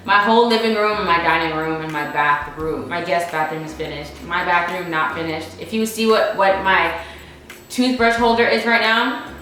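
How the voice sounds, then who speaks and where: A woman's voice: fairly low pitch, normal speed, bright, forceful tone, far from the mic, a little hiss or hum. Chatty young woman in an echoey room. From United States. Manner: chatty and emphatic, repeats points for stress. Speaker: vlogger answering viewer questions. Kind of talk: casual Q&A chat. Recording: very echoey room, faint music.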